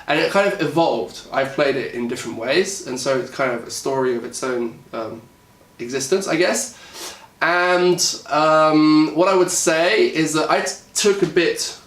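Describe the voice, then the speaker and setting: A man with a British accent talking casually about how he interprets a song, thinking aloud with lots of fillers and pauses. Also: fairly high pitch, a bit bright, far from the mic. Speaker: singer and music YouTuber. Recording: echoey room, voice a bit off-mic.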